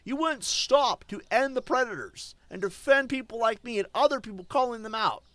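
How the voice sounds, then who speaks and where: Male streamer, defiant rant, high voice, dry sound. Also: normal speed, no echo. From German. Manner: ranting, defiant, swings between loud outbursts and muttering.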